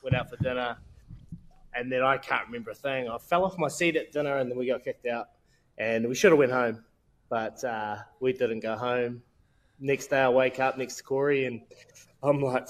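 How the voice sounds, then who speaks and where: A man's voice: medium pitch, normal speed. Laid-back New Zealand man telling stories. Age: 30s. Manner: candid, self-mocking, laddish slang. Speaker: podcast guest. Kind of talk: casual storytelling chat.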